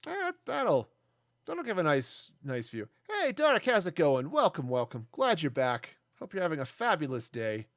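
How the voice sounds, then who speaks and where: A man's voice: fairly high pitch, huge pitch swings, moderate pace, a bit bright, no room sound, studio quality. A man streaming a building game, rambling and joking as he talks to himself and greets his chat. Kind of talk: casual live gameplay commentary.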